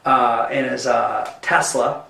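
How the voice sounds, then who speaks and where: A comedy club owner tells a rambling story with growing excitement. His voice has a middle pitch. An echoey room gives it some space. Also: takes it slowly, creaky. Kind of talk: storytelling in an interview. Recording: roomy echo.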